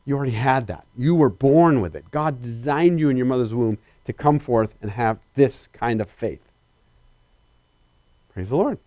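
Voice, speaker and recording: A man preaches with animated emphasis, putting questions straight to his congregation as he moves between loud fervor and quiet sincerity. He speaks at a medium pitch and moderate pace, with no echo in the recording.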